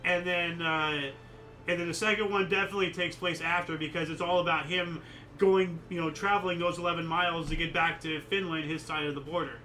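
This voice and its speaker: A man's voice: on the high side, steady tone, fairly quick, sharp tone, poor audio. A man hosting a casual history chat show, reading out dates and chatting about them in a rambling, opinionated way with many fillers. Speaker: host.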